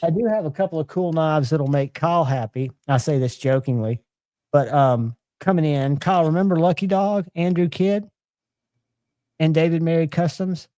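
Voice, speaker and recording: A man's voice: a little high, moderate pace, warm tone, no echo. A man, chatting casually and enthusiastically as host of a live knife show.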